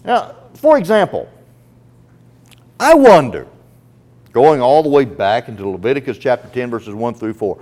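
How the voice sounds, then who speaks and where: A man's voice: medium pitch, darkish tone. A man preaching a sermon, earnest and emphatic, speaking straight to the listener as a friend.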